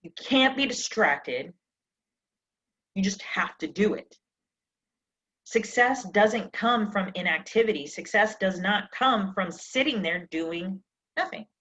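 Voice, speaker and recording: A woman's voice: mid-range voice, expressive, slow pace, fairly bright tone, low-quality recording. A woman success coach giving an emphatic motivational coaching session, full of rhetorical questions, over a live stream mic.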